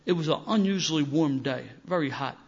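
An older man tells a story in a rough-edged, self-mocking way. His voice sits fairly high for a man, and he gets louder and livelier as the tale builds. The recording sounds dull and lo-fi. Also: a little fast. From Philadelphia. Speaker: speaker sharing recovery story. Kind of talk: storytelling talk to an audience.

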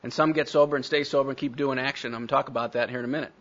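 A man's voice: medium pitch, fairly even intonation, racing, a bit bright, muffled recording. A man telling his recovery story to a meeting, blunt and self-mocking. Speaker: speaker sharing recovery story.

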